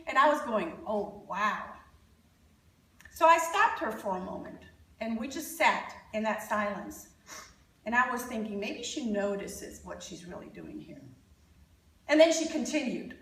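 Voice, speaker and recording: A woman giving a conference talk, an animated storyteller who coaches parents and jokes with her audience. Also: fairly high pitch, unhurried, reverberant, distant mic, rough recording. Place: conference hall.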